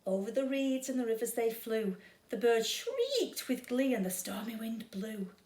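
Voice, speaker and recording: A woman reading a children's story aloud at a storytime, slow and dramatic. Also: on the high side, very animated, a little mellow, recorded from a distance. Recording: echoey room.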